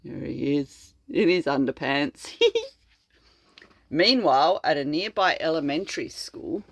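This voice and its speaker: An older woman reading a storybook aloud to her grandchildren, slow and expressive, chatting to them about the pictures. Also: sits low, creaky, husky, no room sound. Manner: slow and expressive, chatting to children between lines. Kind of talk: read-aloud storytelling to children.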